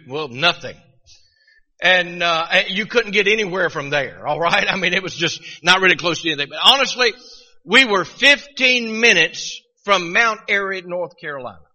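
A man's voice: high-pitched, sharp tone, long reverb tail. A middle-aged man from Virginia with a Southern accent, preaching a folksy sermon and often repeating his first words as he starts a sentence. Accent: Southern American. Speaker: pastor.

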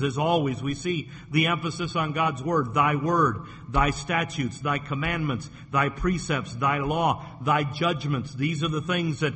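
A man's voice: on the high side, bright, forceful tone. A man preaching a sermon as pastor, earnest and given to repeating his words. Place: church sanctuary. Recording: echoey hall, faint background noise.

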